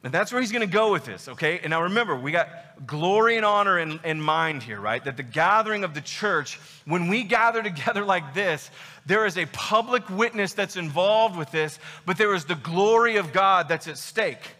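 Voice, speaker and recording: High bright-voiced pastor man preaching, emphatic and emotional, echoey church hall. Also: lively intonation, moderate pace. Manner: emphatic, emotional, rhetorical questions. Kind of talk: sermon.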